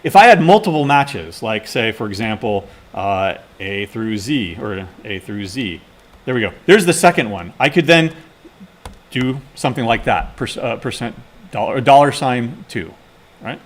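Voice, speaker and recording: A man's voice: mid-range voice, sing-song, a little slow. A man teaching a class, talking through live coding and muttering to himself as he types. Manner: casual, mutters to himself while typing. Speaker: instructor.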